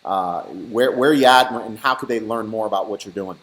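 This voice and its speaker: A man with a New York accent hosts a laid-back interview on a video call. His voice sits low, and his blunt, casual way of talking drifts into the odd light curse word. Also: a little fast, a bit bright, rough recording. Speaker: host.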